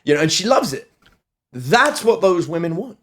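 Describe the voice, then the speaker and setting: A man, a dating coach guest on a podcast interview, telling stories with lively, acted-out quotes. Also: high voice, moderate pace. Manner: animated storyteller, acts out quotes in other voices.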